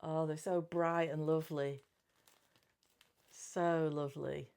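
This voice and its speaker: A woman's voice: low voice, flat delivery, slow, creaky, a little mellow, clean tone. A middle-aged woman chatting casually about her cross-stitch projects, giggly and often correcting her own words. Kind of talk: casual chat.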